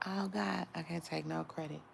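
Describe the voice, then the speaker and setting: Hushed low-voiced woman gossip host. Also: fairly even intonation, creaky, slight background noise. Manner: hushed, keeps voice down to not wake others; chatty, drawn-out slang phrasing. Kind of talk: casual chat to viewers.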